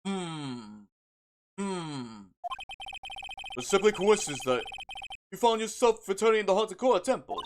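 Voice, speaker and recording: A man's voice: sits high, very animated, measured pace, pauses often, background noise. A man voicing a probing courtroom judge. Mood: doubtful. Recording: game audio with music behind.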